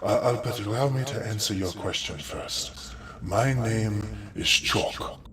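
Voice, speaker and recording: A man voicing a huge talkative male ooze with a humanoid face, speaking slowly and eagerly as a telepathic storyteller. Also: on the low side, fairly bright tone. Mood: curious.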